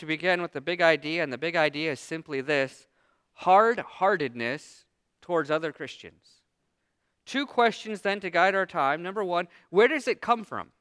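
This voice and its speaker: A man's voice: high-pitched, no echo, studio quality. A man preaching a sermon, who acts out a biblical figure's angry complaints in a raised voice. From United States. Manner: animated preaching, acting out Jonah's complaints in a raised voice. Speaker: pastor.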